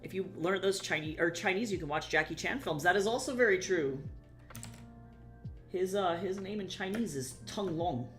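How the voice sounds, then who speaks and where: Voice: medium pitch, normal speed, fairly bright tone, faint music behind. A young adult streamer in casual live-stream chat, rambling and swearing casually while talking to viewers.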